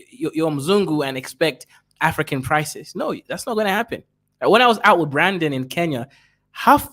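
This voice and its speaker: A man's voice: sits high, fairly bright tone. A man giving blunt, crude reaction commentary who keeps tagging his points with a question.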